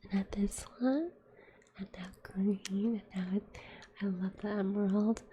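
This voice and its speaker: A woman's voice: mid-range voice, steady tone, measured pace, dark tone, a little hiss or hum. Whispering sick woman streamer. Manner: whispering, casual and rambling with heavy swearing. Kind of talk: whispered ASMR chat.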